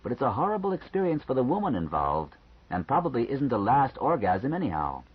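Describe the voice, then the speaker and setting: A man reading an audiobook, voicing a calm male doctor who explains things frankly and matter-of-factly. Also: mid-range voice, slightly rough. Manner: measured, matter-of-fact explaining. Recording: slightly muffled lo-fi recording.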